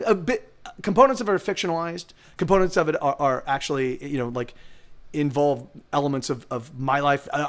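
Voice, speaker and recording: A man's voice: fairly high pitch, fairly bright tone. A man streaming live music, talking casually about writing a song, rambling with many restarts and swearing. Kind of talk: singing original songs, then casual chat.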